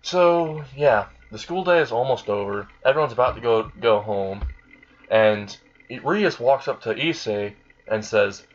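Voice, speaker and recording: A man's voice: mid-range voice, expressive, slow pace, pauses often, dull audio. A man casually retelling a fan-made story in a rambling way, with many fillers. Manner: rambling, frequent fillers and laughing.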